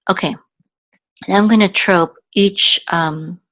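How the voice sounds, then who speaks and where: A woman's voice: fairly low pitch, steady tone, takes it slowly, fairly bright tone, dry recording. A woman teaching Biblical Hebrew, explaining patiently with many fillers and then singing the chant marks. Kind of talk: explaining and chanting Torah cantillation.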